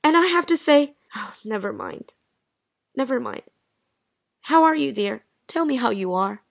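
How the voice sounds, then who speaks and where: A woman's voice: a little high, sing-song, unhurried, gravelly, no room sound, studio quality, heavily acted. A woman voicing Jean, an anxious, lovesick wife who pleads with her absent husband, in a dialogue drama reading. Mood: sad. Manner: pleading, breathless and emotional.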